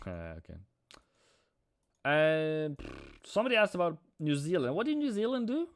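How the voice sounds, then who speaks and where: A man hosting a live trading stream, excitable and slangy, calling viewers mate and bro. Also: fairly high pitch, moderate pace, long pauses, no room sound.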